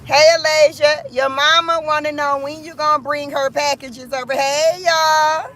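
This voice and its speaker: A woman's voice: sits high, steady tone, a little slow, pushed and bright. A middle-aged woman from Cleveland, Ohio, chatting casually and cursing freely with viewers on a phone livestream from inside a car. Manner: chatty, profane, laughs often, talks to viewers. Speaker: livestream host. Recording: car and wind noise.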